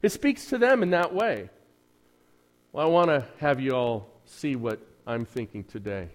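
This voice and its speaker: A man's voice: medium pitch, expressive, measured pace. A man preaching a Sunday sermon in a church, conversational and joking, with dry sarcasm and frequent rhetorical questions to the congregation. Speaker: pastor.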